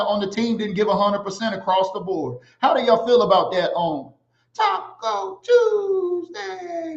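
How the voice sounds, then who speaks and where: High-voiced animated man hosting a livestream. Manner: animated, gives shout-outs to viewers. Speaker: livestream host. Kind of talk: casual livestream chat. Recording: echoey, slightly dull sound.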